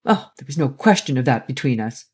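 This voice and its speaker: A man's voice: medium pitch, lively intonation, fairly quick, a little mellow, slightly rough. A man voicing a harsh, imperious emperor who speaks in short commands in a read-aloud story.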